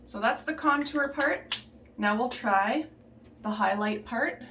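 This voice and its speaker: A woman chatting casually through a makeup tutorial in a relaxed, offhand way, slipping into a put-on Southern belle accent. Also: a little high, slow pace, roomy sound, distant mic, a little hiss or hum. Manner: relaxed, chatty, trailing off and restarting while applying makeup. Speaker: beauty vlogger.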